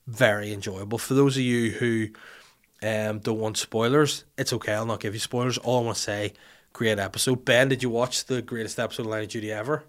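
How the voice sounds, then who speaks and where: A man's voice: lowish voice, fairly even intonation, a little fast. A man with a Northern Irish accent hosting a casual, joking, sweary chat. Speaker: podcast host.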